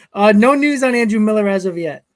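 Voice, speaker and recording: A man hosting a live stream, reading chat comments and telling stories in a casual way, often chuckling. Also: sits high. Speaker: host.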